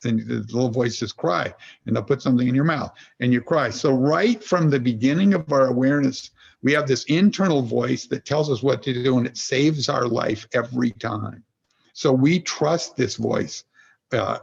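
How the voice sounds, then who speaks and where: A man's voice: medium pitch, gravelly, husky, muffled recording. A man as a podcast guest and executive coach, talking in an earnest, meandering way and explaining his ideas through everyday examples. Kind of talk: reflective conversational storytelling.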